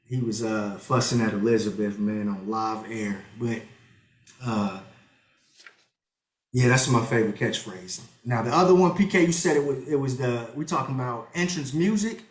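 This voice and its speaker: A man chatting on a podcast in a playful, animated way, laughing often. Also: mid-range voice, moderate pace. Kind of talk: casual chat. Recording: roomy echo.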